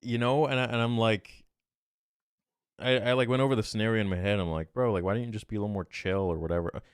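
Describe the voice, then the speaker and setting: Smooth-voiced man telling an animated story. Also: lowish voice, no echo, clean studio sound. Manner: animated, quotes himself and others in quick exchanges. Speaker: podcast guest, YouTuber. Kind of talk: casual storytelling.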